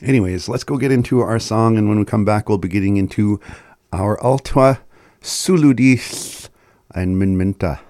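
A man hosting a community radio show, teaching a phrase of the day in a relaxed way and chuckling often. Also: lowish voice, moderate pace, no room sound, studio quality. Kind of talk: casual community radio talk.

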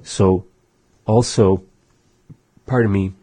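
A man's voice: low-pitched, steady tone, mellow, slightly rough, no echo. A man hosting a radio language lesson, patiently saying phrases and explaining their meanings. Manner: slow, patient, repeats phrases. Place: radio studio.

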